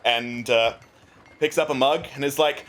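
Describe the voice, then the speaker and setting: A man's voice: mid-range voice, unhurried, fairly bright tone. A man narrating a tabletop game as game master, chatty and full of fillers.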